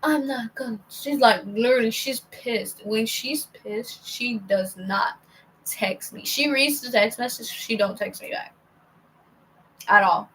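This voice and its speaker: A young woman telling a rambling personal story in a casual monologue, full of "like" and "bro" and often dropping to a hushed near-whisper. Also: fairly high pitch, slow, a little hiss or hum, rough recording. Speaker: vlogger.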